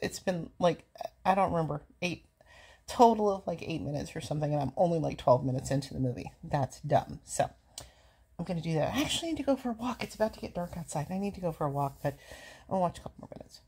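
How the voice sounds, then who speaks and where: A breathy, husky woman in her forties talks in a loose, rambling way, dry and sarcastic. She is easily amused. Her voice sits a little low, and she is slightly out of breath from walking. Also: lively intonation, quick pace, dark tone. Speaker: vlogger reacting to a movie. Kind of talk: casual rambling chat.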